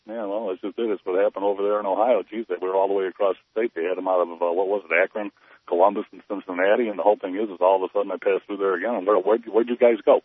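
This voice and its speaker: A man calling into a radio show, rambling on quickly about stations he lost. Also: deep voice, steady tone, husky, no echo. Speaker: caller. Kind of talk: call-in phone conversation. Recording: tinny phone line over radio.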